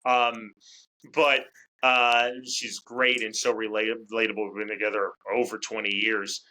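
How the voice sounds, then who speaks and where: A man talking as a guest in a casual interview, chatty and quick to restart his words. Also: on the low side, little pitch movement, bright, forceful tone, low-quality recording. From United States. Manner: talkative, repeats words as he restarts. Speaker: fight commentator, interview guest.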